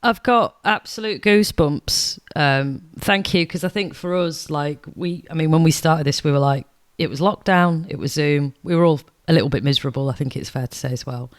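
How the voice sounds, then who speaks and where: A woman's voice: low-pitched, normal speed, hardly any pauses, no room sound, studio quality. A woman co-hosting a podcast in casual chat, speaking sincerely and reflectively. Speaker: podcast co-host.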